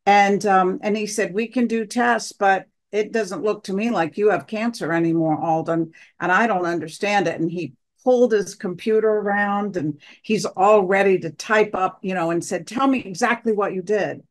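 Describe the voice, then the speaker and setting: A woman's voice: mid-range voice, normal speed, hardly any pauses. A woman recounting a personal story in an interview, acting out the dialogue of the people in it. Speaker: guest, wife of the other guest.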